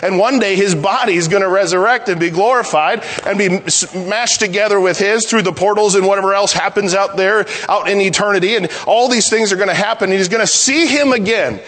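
Male pastor, middle-aged, conversational sermon delivery with lively and hushed turns; long hall reverb. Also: sits high, brisk, few pauses.

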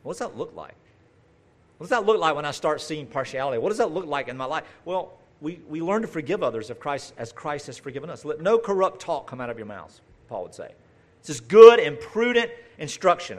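A man delivers a sermon in a casual, direct way, full of asides and questions to the listeners. His voice sits a little high and swings widely up and down as he talks. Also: big pitch swings, a little fast. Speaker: preacher. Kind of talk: conversational sermon.

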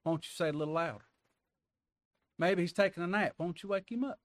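A man's voice: high-pitched, a little fast, dry recording, close to an everyday voice. A man voicing an old male prophet who sarcastically mocks his rivals. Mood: mocking. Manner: teasing, sarcastic.

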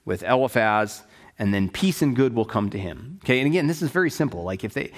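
A man's voice: mid-range voice, expressive, a little fast. Male Bible teacher, casual lecture delivery, plain paraphrase, frequent check-ins with the class. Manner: conversational, checks in with "right?" and "okay?"; explains in plain paraphrase with restarts.

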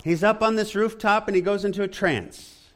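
A man preaching an expository sermon in an animated, engaging way, often asking the congregation questions. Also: high-pitched, moderate pace.

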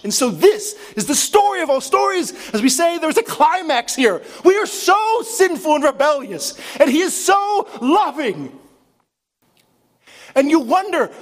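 Impassioned high-voiced male preacher. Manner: preaches with rhetorical questions, impassioned. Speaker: pastor. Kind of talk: sermon.

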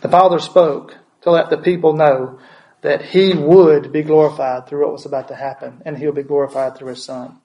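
A man's voice: fairly high pitch, steady tone, moderate pace, dark tone, poor audio. A man preaching a sermon as pastor, asking the congregation questions and repeating words for emphasis.

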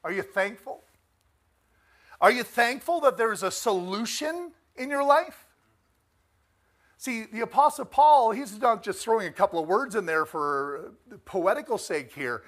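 High-voiced preacher calling out for amens. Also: male voice, expressive, unhurried. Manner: emphatic, rising to near shouts on key phrases; asks the congregation for amens. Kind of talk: sermon.

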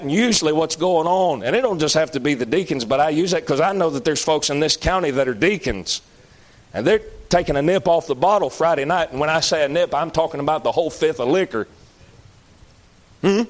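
A man with a Southern accent preaching a sermon in a folksy, emphatic way, shouting at times. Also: on the high side, expressive, brisk.

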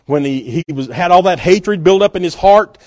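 A man preaching in a homey, storytelling way, his voice sitting a bit high for a man. He moves from emphatic peaks down to quiet, slowed asides. The sound is close and dry, with no room echo. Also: animated. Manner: folksy, conversational preaching with chuckles; swings between emphatic rises and quiet, drawn-out asides. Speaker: guest pastor. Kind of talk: sermon.

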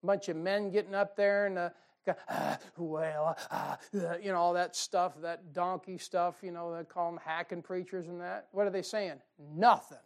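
A man preaching a folksy, emphatic sermon, with sudden loud bursts and mocking quotes. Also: sits high, level tone, moderate pace, clean tone. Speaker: pastor. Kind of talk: fiery sermon.

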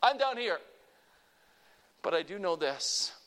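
An older pastor with a high, sing-song voice preaches at a slow pace and with great emphasis. His delivery sinks to a hush before swelling loud again, and he has the congregation echo short phrases back to him.

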